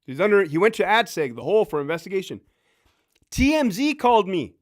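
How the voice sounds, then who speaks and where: High-pitched guy in his 50s, ex prison officer, cussing and cracking up on a live stream. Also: brisk. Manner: profane, laughing, animated storyteller. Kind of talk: casual storytelling live stream.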